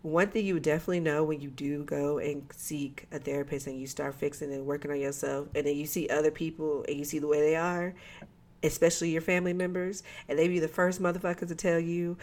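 A woman's voice: low voice, fast talker. A woman co-hosting a podcast in casual chat, cursing freely and acting out quoted voices. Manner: loose, profane and animated, with quoted asides. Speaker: podcast co-host.

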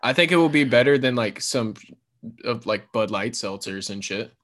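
A man's voice: medium pitch, animated, moderate pace, fairly bright tone. Casual profane podcast guy. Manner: loose and profane, lots of fillers. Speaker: podcast co-host. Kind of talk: casual chat.

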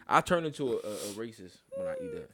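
A man's voice: fairly high pitch, huge pitch swings, fast talker, crowd noise. A man co-hosting a casual podcast chat, talking emphatically with lots of slang, profanity and insistent restarts. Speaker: podcast co-host.

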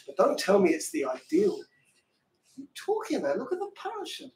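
A man's voice: high-pitched, wildly swooping pitch, fast, darkish tone. A man giving an impassioned rabbinic lecture, hammering his points with rhetorical questions. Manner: fervent, emphatic, full of rhetorical questions. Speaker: rabbi teaching a class. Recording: roomy hall, distant mic, faint ambience.

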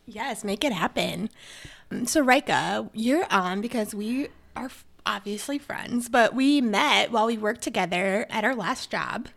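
A woman's voice: on the high side, unhurried, creaky, a bit bright. A young woman with a Minnesotan accent, co-hosting a podcast with playful casual chat. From Minnesota, USA. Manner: playful, interjecting.

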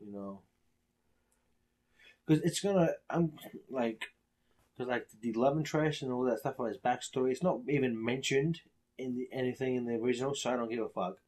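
Husky guy on a podcast, mid pitch, blunt and rambly, swears a lot. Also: brisk, long pauses, darkish tone. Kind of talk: casual chat.

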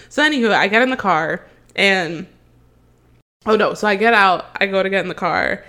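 A young woman co-hosting a podcast, telling a dating story in a casual, animated way, acting out the quotes and laughing often. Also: medium pitch, a little fast. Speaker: podcast co-host.

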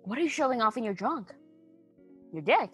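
A woman's voice: fairly high pitch, sing-song, moderate pace, husky, soft background music. A woman in casual chat who giggles often, swears freely and keeps guessing in a playful way.

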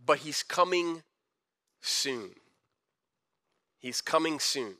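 A young man preaching a casual, conversational sermon with slang and animated asides. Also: fairly high pitch, very slow. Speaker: pastor.

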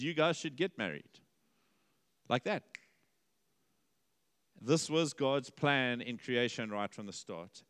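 Animated pastor with a bright voice. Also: male voice, fairly high pitch, smooth, in a large hall. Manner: lively and conversational, drops to quiet emphasis then rises to exclamations. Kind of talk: sermon.

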